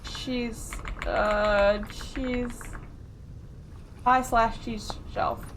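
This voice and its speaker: A woman from Upper Michigan with a Yooper accent, chatting casually as a streamer while gaming. Her words sound round, her consonants are soft, and she rambles and laughs often. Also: a little high, steady tone, extremely slow, noisy background. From Upper Michigan, USA. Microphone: close desk mic.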